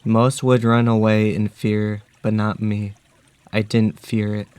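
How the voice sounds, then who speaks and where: A man narrating a dark first-person story in a flat, even way. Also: lowish voice, slow, clear, resonant tone.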